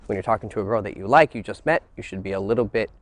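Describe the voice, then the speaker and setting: A man giving a dating lesson, switching between teacherly explanation and excited, crude joking, swearing casually. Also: lowish voice, very fast, dry recording. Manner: animated, mixes teacherly talk with excited crude jokes. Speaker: dating coach. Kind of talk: instructional monologue.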